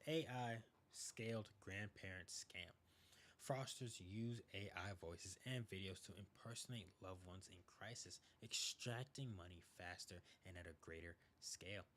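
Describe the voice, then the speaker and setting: A young man hosting a podcast in a casual monologue, animated and rambling, acting out quotes as he goes. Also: on the low side, a little slow, a little hiss or hum. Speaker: podcast host.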